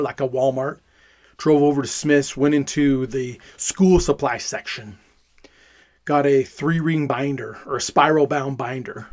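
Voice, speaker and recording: A man with a somewhat high voice tells his own story as a father. He speaks with emphasis and repeats words to drive each point home. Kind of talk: personal storytelling.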